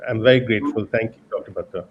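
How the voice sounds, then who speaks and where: A man's voice: lowish voice, fast, muffled recording, a crowd in the background. A man, a lawyer giving a formal, dryly self-deprecating acceptance speech over a video call. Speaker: award winner, lawyer.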